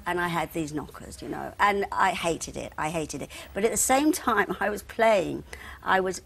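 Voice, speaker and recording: A woman, a TV interview guest who tells gossipy stories full of quick asides and "you see". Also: lowish voice, lively intonation, vocal fry, a bit bright, breathy edge. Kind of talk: chatty TV studio interview. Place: TV studio sofa.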